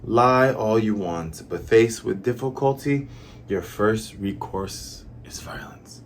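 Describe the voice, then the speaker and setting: A man voicing a cold, scheming male butler who talks low, hushed and slow. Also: a little hiss or hum. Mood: scornful.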